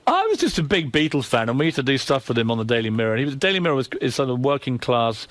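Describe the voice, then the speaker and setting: Fast-talking British man, dry close sound. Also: medium pitch, sing-song, a bit bright, dry recording. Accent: British English. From Britain. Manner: fast, brash storytelling with acted quotes. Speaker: guest, tabloid newspaper editor. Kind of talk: lively anecdotal interview talk.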